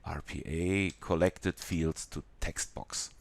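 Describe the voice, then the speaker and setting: A man with a German accent walking through a software tutorial in a halting way, with many pauses and fillers. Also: very deep voice, fairly even intonation, vocal fry. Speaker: software demonstrator.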